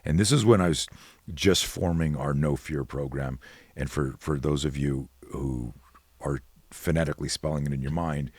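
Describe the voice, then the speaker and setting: A middle-aged man, a guest on a podcast interview, telling stories in an animated way and acting out the dialogue. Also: a bass voice, slightly rough, dry recording. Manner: animated, acts out dialogue with quick voice changes. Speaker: guest, self-defense expert.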